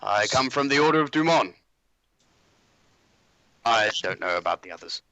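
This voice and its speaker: A man playing a tabletop game, lively and playful in character. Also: medium pitch, moderate pace, no room sound, low-quality recording. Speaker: player.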